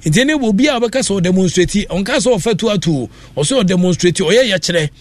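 A man's voice: high voice, expressive, fast talker. A Ghanaian man hosting a radio show, giving rambling casual commentary that mixes Akan and English.

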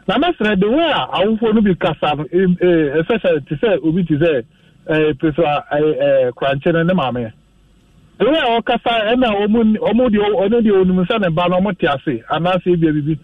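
A man's voice: high voice, dry recording. Ghanaian man calling in over a tinny phone line. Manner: long rambling appeal with hesitant fillers. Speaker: phone-in caller. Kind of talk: radio phone-in commentary. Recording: thin phone line, distant.

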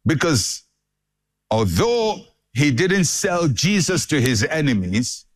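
A man's voice: on the high side, very animated, takes it slowly. A man preaching a sermon with dramatic emphasis and repeated phrases for effect.

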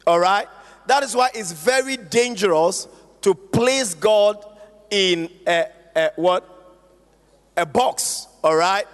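High-voiced preacher in an echoey hall. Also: male voice, fairly bright tone. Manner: call-and-response preaching, drawn-out emphatic phrases. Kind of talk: sermon. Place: church hall. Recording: echoey hall with long reverb.

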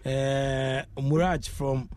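A man's voice: medium pitch, little pitch movement, extremely slow, a little mellow, dry recording. A man with a Ghanaian accent hosting a radio sports show, reading out listener messages in a chatty way and dropping in local phrases. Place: radio studio.

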